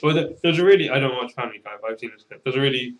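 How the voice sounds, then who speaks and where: A man's voice: mid-range voice, very fast, rough recording. A man chatting in an informal group discussion, talking in a rambling, hesitant way and acting out little quotes. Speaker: discussion participant.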